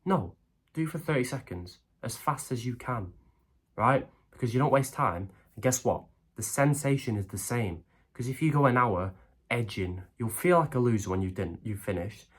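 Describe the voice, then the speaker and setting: A young man talks straight to camera in a blunt motivational monologue. He swears casually and keeps punching his points home with "okay?" and "right?". His voice sits at an ordinary middle pitch for a man. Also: expressive, normal speed, breathy edge. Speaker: self-help video host.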